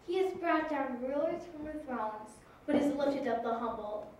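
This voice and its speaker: High-voiced woman reading scripture in a hall. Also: lively intonation, a little mellow. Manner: measured, proclaiming delivery. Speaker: scripture reader. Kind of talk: enacted scripture reading in worship. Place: large worship hall. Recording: echoey hall from far off, faint noise.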